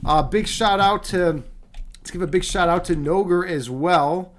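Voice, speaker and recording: Casual streamer host, male, high-pitched, from Chicago, rambling with lots of fillers. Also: measured pace. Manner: rambling, repeats words, frequent fillers. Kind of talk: casual live-stream chat.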